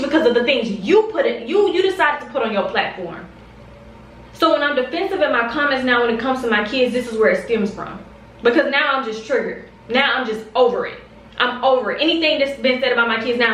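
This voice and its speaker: A woman's voice: high-pitched, a little fast, fairly bright tone, echoey room, distant mic, low-quality recording. A young woman vlogger speaking straight to camera, heated and confrontational, repeating her points for emphasis. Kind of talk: direct-to-camera storytime rant.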